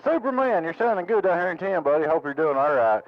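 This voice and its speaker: A man's voice: fairly high pitch, big pitch swings, fast talker, no room sound, highs cut off. A man at his home radio station, chatting on CB and repeating call signs and handles in radio lingo. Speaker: CB radio operator.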